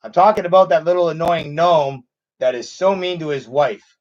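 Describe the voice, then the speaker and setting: A man hosting a casual livestream chat, halting and chuckling often. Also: a little high, darkish tone, lo-fi sound. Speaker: channel host on a livestream.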